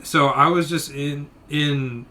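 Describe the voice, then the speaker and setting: A man with a bright, slightly high voice tells stories in a loose, casual chat. He swears freely and drops into quick impressions of the people he met. He sounds irritated and amused at once. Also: fairly even intonation. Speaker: podcast co-host.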